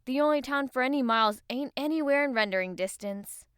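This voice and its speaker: A woman's voice: sits high, lively intonation, a little fast, fairly bright tone, clear, resonant tone, no echo, studio quality. A woman voicing a cocky, crude young succubus in an audiobook, talking in a sarcastic way. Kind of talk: audiobook character voice.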